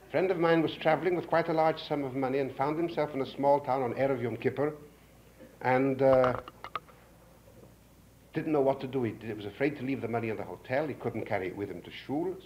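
An older man lecturing to an audience, telling a folk tale with lively character voices, on an old 1950s lecture recording. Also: a little hiss or hum, poor audio. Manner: animated storyteller, voicing characters with rising pitch. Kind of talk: storytelling lecture. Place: lecture hall.

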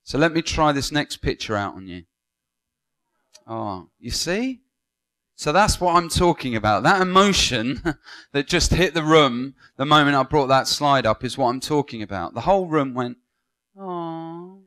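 Male lecturer, mid pitch, interactive classroom delivery. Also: lively intonation, moderate pace, pushed and bright. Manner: engaging, asks the class questions and praises answers. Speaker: Bible school lecturer. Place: lecture room with students.

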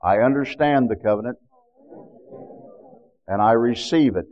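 A male preacher shouts ecstatic praise, calling out hallelujah again and again and pouring out rapid syllables in tongues. His voice is pushed high and loud, at full revival intensity. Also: expressive, dull audio.

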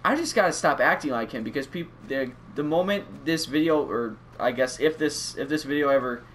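A young man commentating a video game playthrough, excitable and rambling with lots of stammering restarts. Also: mid-range voice, normal speed, slight background noise. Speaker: gaming YouTuber. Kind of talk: let's play commentary.

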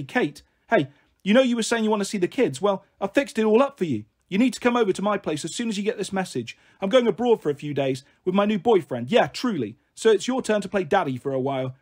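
A man voicing a flighty young mother, breezy and coaxing, in a husky, higher voice.

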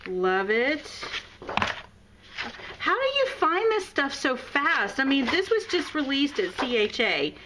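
A woman's voice: high voice, very animated, takes it slowly, long pauses. A woman vlogging an unboxing of craft supplies, gushing and exclaiming with delight, gasping and laughing. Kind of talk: excited unboxing chat. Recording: noisy home recording.

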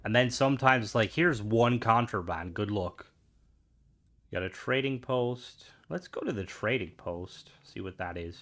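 A man's voice: on the low side, measured pace, a bit bright. Rambling young male game streamer. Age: young adult. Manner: rambling, many fillers, playful asides. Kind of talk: casual chat while gaming.

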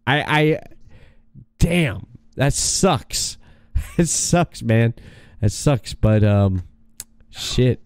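A man's voice: medium pitch, expressive, very slow, long pauses, a little mellow, dry recording, clean studio sound. A man hosting a casual chat show, laughing often and swearing offhandedly. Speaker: talk show host.

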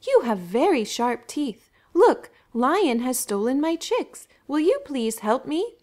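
A woman's voice: sits high, very animated, slow, a little mellow, pitched above the performer's own voice, exaggerated voice. A woman doing a pleading mother ostrich.

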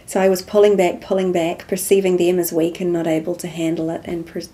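A woman, softly telling a personal spiritual story as an interview guest. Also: lowish voice, level tone, fast talker. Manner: soft-spoken storytelling, acts out quoted dialogue.

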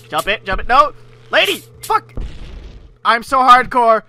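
A gaming channel host giving let's-play commentary, excitable, yelling and swearing at the game. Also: high-pitched, slow pace.

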